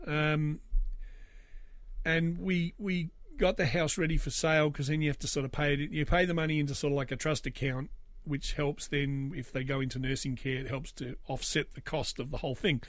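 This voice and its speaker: An Australian man in his forties tells a personal story in a fairly high, steady voice at normal speed. He rambles, using fillers and restarting sentences, and tosses in wry asides. The studio sound is clean, with no room sound.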